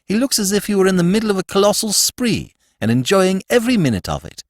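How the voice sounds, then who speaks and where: A man narrating an audiobook, voicing a breezy, cheerful young gentleman who talks in a bright, chatty way. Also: high-pitched, wildly swooping pitch, fast, no room sound, studio quality, pitched above the performer's own voice, exaggerated voice. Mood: chummy.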